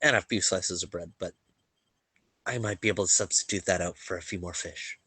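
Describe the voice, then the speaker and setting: A man voicing a young tavern waitress who is polite, hesitant and halting as she takes orders. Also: sits low, bright, forceful tone, breathy edge, no echo, heavily acted. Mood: helpful.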